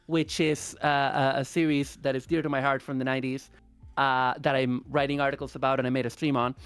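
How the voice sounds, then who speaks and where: A woman's voice: a bass voice, little pitch movement, a little fast, smooth, no room sound, faint music behind. A woman in her forties from Argentina, a podcast guest chatting casually, joking, teasing and swearing freely. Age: 40s. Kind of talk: casual chat.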